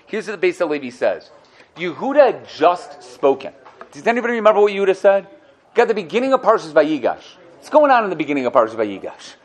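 Lively high-pitched man teaching Torah. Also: fast talker. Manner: animated, acts out the quotes he cites; asks his listeners questions. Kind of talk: Torah lesson.

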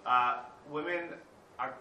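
A man in a class asking hesitant questions, with halting starts. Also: mid-range voice, muffled recording, crowd noise. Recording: echoey room, distant mic.

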